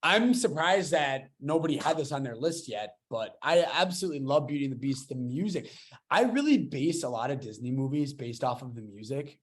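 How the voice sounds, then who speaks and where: Enthusiastic young man hosting a podcast. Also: medium pitch. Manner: enthusiastic, rambling with restarts. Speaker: podcast host. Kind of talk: casual podcast chat.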